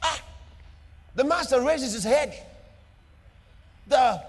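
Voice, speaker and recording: A man preaching a sermon with an emphatic, repetitive cadence, swinging between loud declarations and soft asides. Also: very high-pitched, big pitch swings, measured pace, big-room sound. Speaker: pastor.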